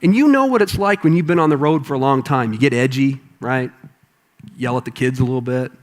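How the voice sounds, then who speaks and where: A man preaching a sermon to a congregation in a conversational, animated way. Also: mid-range voice, brisk. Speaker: pastor. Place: church auditorium with congregation.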